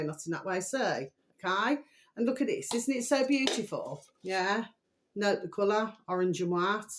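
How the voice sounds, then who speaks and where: Chatty rambling woman. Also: medium pitch. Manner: rambling, chatty, repeats pet phrases, emphatic. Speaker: vlogger host. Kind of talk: casual opinion monologue to camera.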